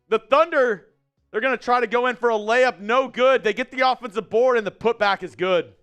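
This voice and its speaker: A man from Texas hosting a live stream, chatting casually with viewers and calling the game play by play, shouting on big plays. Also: extremely high pitch, a little fast, smooth, soft background music. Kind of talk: casual live-stream watch-along commentary. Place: studio at company headquarters.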